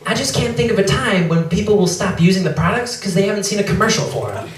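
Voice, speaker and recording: A man's voice: high voice, expressive, very noisy. Young male stand-up comic, sheepish and apologetic, heard from a distance in a reverberant room. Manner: self-deprecating, apologetic asides, quick mimicry of others. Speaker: stand-up comedian. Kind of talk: stand-up comedy set. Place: comedy club stage. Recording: echoey club, mic heard from afar, crowd laughter. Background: audience laughing.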